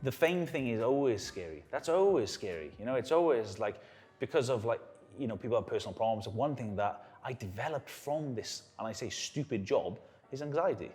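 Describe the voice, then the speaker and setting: A young Welsh man telling stories in a casual interview, animated and acting out the people he quotes. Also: mid-range voice, brisk, faint music behind. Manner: animated storyteller who acts out quotes. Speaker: guest.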